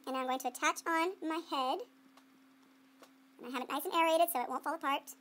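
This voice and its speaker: A woman's voice: sits high, brisk, a bit bright. A woman art teacher giving a playful running commentary while she demonstrates clay sculpting to students.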